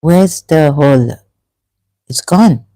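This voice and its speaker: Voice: mid-range voice, lively intonation, slow, dark tone, dry recording, low-quality recording. A speaker giving an emotional, rambling monologue commentary with many restarts. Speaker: religion critic.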